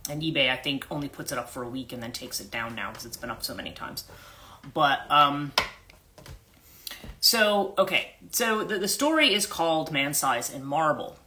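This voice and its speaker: Bright-voiced woman telling a story on a livestream. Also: low voice, animated, normal speed, a little hiss or hum. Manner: rambling, with frequent restarts and self-corrections. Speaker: life coach.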